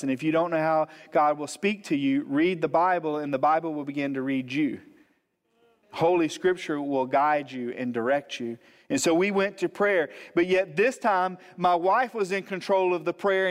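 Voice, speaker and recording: A man, preaching as a pastor and telling a funny personal story, animated, acting out the quotes. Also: a little high. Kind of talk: storytelling sermon. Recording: long hall reverb.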